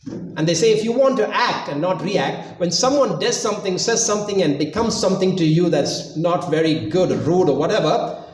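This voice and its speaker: A man preaching in a lively, high-pitched voice that swoops all over. He hammers home his points with emphatic repetition. The sound is roomy and echoey, as if picked up from across the room. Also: normal speed, far from the mic. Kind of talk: sermon with storytelling.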